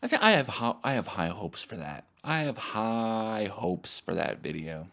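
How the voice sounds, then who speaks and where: A man hosting a podcast, rambling through a crude, profane comedic monologue in a deadpan, mock-serious way. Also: fairly low pitch, measured pace, vocal fry. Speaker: podcast host.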